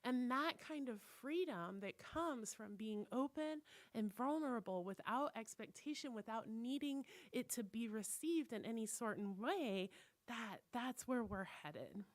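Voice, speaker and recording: A woman's voice: on the high side, animated, unhurried, dry recording. A woman minister giving a conversational sermon, telling personal stories candidly and acting out the voices she quotes.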